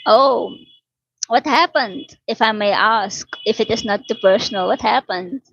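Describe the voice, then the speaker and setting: A woman's voice: fairly high pitch, unhurried, gravelly, a bit bright, no room sound. A woman from Suriname hosting a casual live chat, answering viewers' comments and teasing them. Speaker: livestream host chatting with viewers. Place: home in Delhi. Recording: dull dry lo-fi audio.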